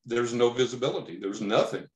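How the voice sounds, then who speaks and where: Animated male storyteller in a roomy space. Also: mid-range voice, fairly quick. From Texas. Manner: animated storyteller, acts out his own quoted lines. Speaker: podcast guest, psychic investigator. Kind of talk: storytelling in a podcast interview. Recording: roomy echo.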